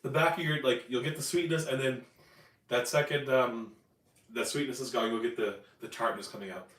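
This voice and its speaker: A man's voice: mid-range voice, steady tone, fairly quick, a bit bright, echoey room, far from the mic, poor audio. A man from Newfoundland hosting a casual live cooking stream, talking in a rambling, chatty way and correcting himself as he goes. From Newfoundland, Canada. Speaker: cooking show host. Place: home kitchen.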